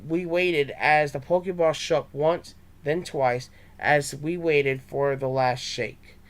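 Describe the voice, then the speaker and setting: A man's voice: on the high side, fairly even intonation, takes it slowly. A young man reading his own fan story aloud, with small stumbles and restarts.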